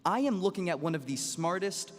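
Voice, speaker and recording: Man, graduation speaker, slightly high voice, long echo. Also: expressive, a little fast. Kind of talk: commencement speech. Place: outdoor graduation on a school field.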